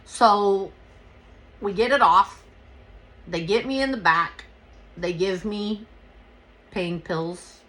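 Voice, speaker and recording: A woman's voice: mid-range voice, slow pace, pauses often. A woman hosting a podcast, telling a story casually, swearing freely and acting out what she said. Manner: profane, animated retelling with quoted exclamations. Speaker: podcast host.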